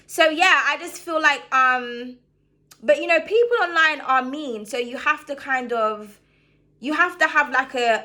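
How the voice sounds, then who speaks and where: A young woman talks straight to her audience in a loose, rambling way, full of fillers. Her voice sits a little high and rings bright and forward. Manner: rambling, many fillers like "like" and "um", frank. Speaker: spiritual YouTuber. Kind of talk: casual talk to camera.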